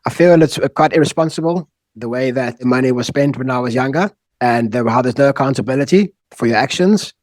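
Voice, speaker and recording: A man's voice: mid-range voice, fairly quick, darkish tone, no echo. A man in his thirties with a South African accent, talking frankly and casually about money as a guest. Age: 30s. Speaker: guest, husband. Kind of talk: casual candid conversation.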